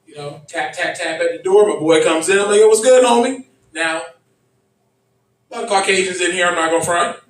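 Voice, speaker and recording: Male stand-up comic with a high voice, acts out friends' dialogue, recorded at a distance in a roomy club. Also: a little fast. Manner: animated, acts out friends' lines in quotes. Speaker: stand-up comedian. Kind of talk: stand-up comedy storytelling. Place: comedy club stage. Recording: echoey club sound from a distance.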